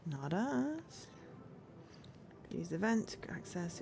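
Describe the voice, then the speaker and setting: A woman's voice: fairly low pitch, very animated, slow pace, creaky, long pauses, noisy background. A woman streamer chatting casually and rambling as she plays a game, laughing easily. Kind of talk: casual let's-play commentary.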